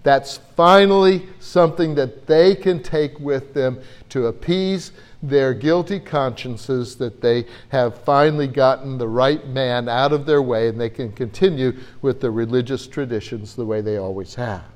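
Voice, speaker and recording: A man's voice: mid-range voice, measured pace, few pauses. A man preaching a Bible-teaching sermon in an earnest way, often repeating words as he gathers his thoughts.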